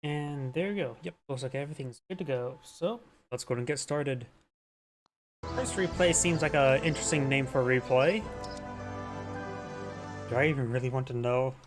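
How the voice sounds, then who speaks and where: A man's voice: medium pitch, moderate pace, long pauses, music in the background. A man casually commentating a strategy game replay, rambling and stumbling over unit names. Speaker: game caster.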